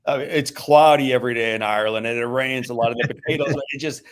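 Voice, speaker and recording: Here a guest speaker from the American Midwest shares something from his own life, animated and shifting between loud bursts and quiet moments. He has a mid-range voice and a fast delivery.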